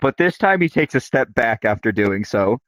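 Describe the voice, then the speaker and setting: A man's voice: medium pitch, expressive, moderate pace, fairly bright tone. A man with an easygoing manner, narrating a tabletop game as game master.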